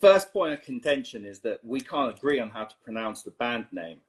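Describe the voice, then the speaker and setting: A man musician, not a native English speaker, chatting as a guest in a dry, measured way. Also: medium pitch, lively intonation. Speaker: band member guest. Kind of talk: casual chat.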